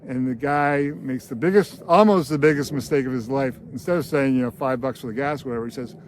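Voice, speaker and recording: A man's voice: medium pitch, fairly quick, a little hiss or hum. A man hosting a screenwriting show, retelling and analyzing a film scene in a casual, enthusiastic way. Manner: enthusiastic storyteller, laughs often.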